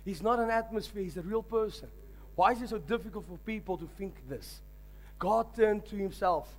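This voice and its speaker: A man's voice: high-pitched, normal speed. A man, a pastor, preaching a sermon emphatically and calling on the congregation to respond.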